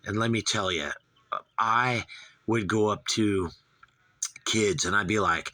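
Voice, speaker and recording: A man's voice: on the low side, takes it slowly, long pauses, bright, forceful tone, no echo. A man in his fifties from Southern California, hosting a rambling, profane, gushing album review. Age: 50s. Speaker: host.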